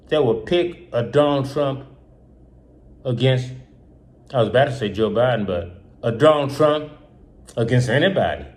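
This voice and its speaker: An upset man hosting his own show delivers an emotional political monologue packed with repetition and rhetorical questions. His mid-range voice swings widely in pitch at a normal speed, and he pauses often.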